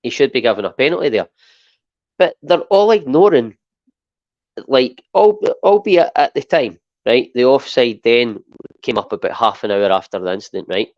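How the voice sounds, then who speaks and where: A Scottish man holds forth in casual podcast chat, building his points with emphatic "right?" tags. His voice sits at an ordinary pitch. The recording is dry and a little muffled. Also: expressive, normal speed, darkish tone, dry recording. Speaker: podcast co-host.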